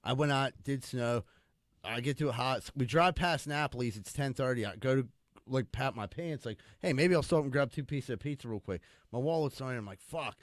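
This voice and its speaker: Fast-talking rambling man. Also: medium pitch, no room sound. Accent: Pittsburgh. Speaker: podcast co-host. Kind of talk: casual chat.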